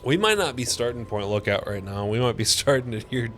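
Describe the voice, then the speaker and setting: In a mid-range, expressive voice that's brisk and a bit bright, a tired gameplay streamer chats casually over a faint hiss or hum. His manner stays laid-back and drowsy, full of easy laughs and swearing.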